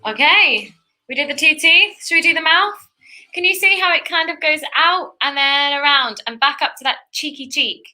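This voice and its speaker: A woman's voice: sits high, animated, normal speed, sharp tone. A young woman giving cheerful, chatty step-by-step painting instructions as a tutorial host.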